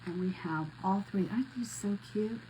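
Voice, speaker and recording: A woman's voice: mid-range voice, normal speed, dark tone, slight background noise, poor audio. A woman chatting casually to her viewers while she wraps gifts and labels handmade ornaments at home, calling them y'all. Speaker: crafting vlogger. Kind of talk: casual crafting chat to viewers.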